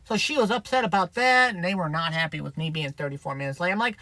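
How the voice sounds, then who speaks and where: A man's voice: high-pitched, quick pace, hardly any pauses, bright, forceful tone, dry recording, rough recording. A man, a truck driver, chatting candidly on a livestream and telling a story in a rambling way. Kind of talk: livestream chat.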